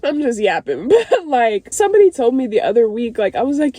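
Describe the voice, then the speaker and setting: A woman's voice: high voice, expressive, moderate pace, dark tone, no room sound. A young woman in a candid faith vlog, crying at times and rambling with many fillers, talking from her parked car. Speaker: vlogger.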